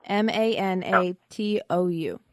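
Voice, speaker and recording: A woman's voice: lowish voice, slow pace, a little mellow, dry recording. A woman hosting a podcast, playfully quizzing a guest and spelling out names letter by letter. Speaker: podcast host. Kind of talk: quiz game in casual podcast chat.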